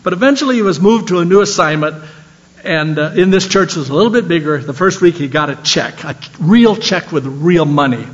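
An older man preaching a sermon, telling stories and swinging between animated lines and soft, low ones. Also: brisk. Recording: dull lo-fi sound.

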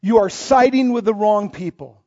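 A middle-aged man preaching a sermon as pastor, emphatic, jumping between loud exclamations and quiet asides. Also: high-pitched, normal speed. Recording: dull lo-fi church recording.

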